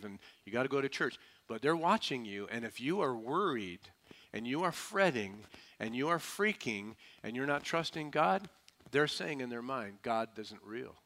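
Here a man preaches with emphasis, folksy humor, and repeated calls for the congregation to respond. His pastor's voice is mid-range, pushed and bright.

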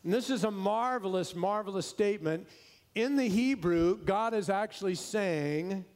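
A pastor preaches to his congregation with a voice that sits somewhat high for a man. He leans hard on key words and stretches them out slowly. At times he sinks into a hushed, gentle delivery. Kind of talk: sermon.

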